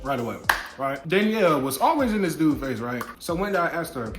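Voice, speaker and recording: A man's voice: a little high, very animated, a little fast. A young man vlogging a casual storytime while eating, talking loosely with slang, swearing and playful asides. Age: young adult. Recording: echoey room with music behind.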